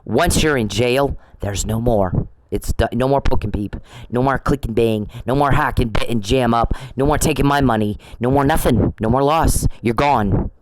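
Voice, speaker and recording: A man's voice: medium pitch, normal speed, few pauses, low-quality recording. A man delivering an angry, confrontational monologue at someone he says is harassing him, repeating himself and swearing.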